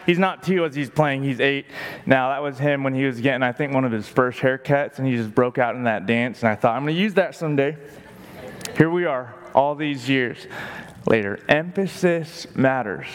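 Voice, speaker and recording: Emphatic pastor preaching in a reverberant hall. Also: male voice, medium pitch, moderate pace. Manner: emphatic, varies his pace for stress. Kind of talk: sermon.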